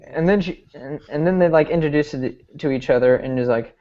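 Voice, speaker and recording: A young man retells a movie plot in a loose, rambling way, full of fillers, jumping into quick impressions of the characters. The audio is muffled and lo-fi. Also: on the high side. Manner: rambling, filler-heavy retelling with mimicked quotes. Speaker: podcast host recapping a movie. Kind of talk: casual chat.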